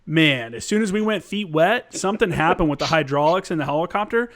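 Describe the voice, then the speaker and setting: A man with a somewhat high voice hosts a podcast and swaps stories with his guest. He talks casually and swears freely, and his storytelling gets lively as he goes. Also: fairly quick. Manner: casual, profane, animated storytelling. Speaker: podcast host, former Marine.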